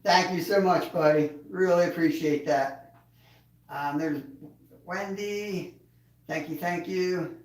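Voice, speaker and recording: A relaxed man with a twang chats casually on his livestream, his fairly high voice sitting back from the mic. The sound bounces around an echoey room, and he chuckles as he answers his viewers. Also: takes it slowly, long pauses, distant mic. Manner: laid-back, chuckles, reads chat aloud. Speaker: livestream host.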